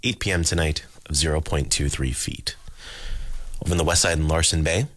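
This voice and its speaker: A man hosting a local radio show, reading the weather and tides in a relaxed, chatty way. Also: a bass voice, brisk, dry recording. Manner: relaxed, chatty, reads figures with asides. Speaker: radio host. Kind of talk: casual radio announcing.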